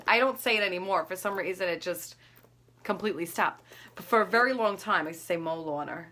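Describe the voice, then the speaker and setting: A woman's voice: on the low side, fairly quick, pushed and bright. A woman in her thirties chatting casually through her skincare and makeup routine, rambling and laughing at herself. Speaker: beauty vlogger.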